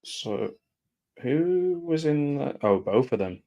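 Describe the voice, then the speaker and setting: A man giving casual live commentary over a film, reacting aloud and often dropping into quiet mumbled asides. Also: mid-range voice, sing-song, slow, lo-fi sound.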